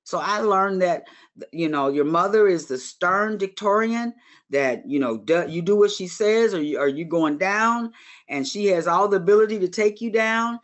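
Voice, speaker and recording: A woman's voice: mid-range voice, lively intonation, normal speed, dull audio. A woman in her sixties teaching a Bible study in an earnest, motherly, conversational way, speaking straight to her listeners.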